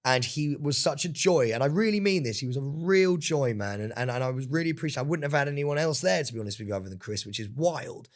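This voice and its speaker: A young man, chatting casually as a podcast guest, telling an animated story and calling everyone "mate". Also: medium pitch, fast, few pauses. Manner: animated storytelling, swears, says "mate" a lot. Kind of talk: casual chat. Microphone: studio microphone.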